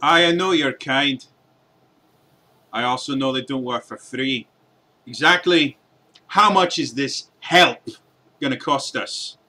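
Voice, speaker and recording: A gruff dwarven blacksmith, as a man puts him on, dripping sarcasm through a thick, heavy accent. His voice jumps well above the performer's own, with a bright, forceful edge. He sounds exasperated, as if every request costs him money. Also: medium pitch, takes it slowly, long pauses, voice pushed up. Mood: suspicious. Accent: put-on thick accent.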